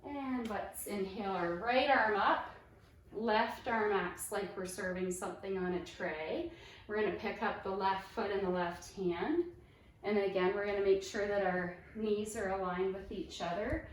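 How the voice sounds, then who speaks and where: A woman fitness instructor guiding a yoga class with calm, encouraging step-by-step cues. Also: mid-range voice, a little slow, distant mic, a little hiss or hum. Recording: echoey room, voice off-mic.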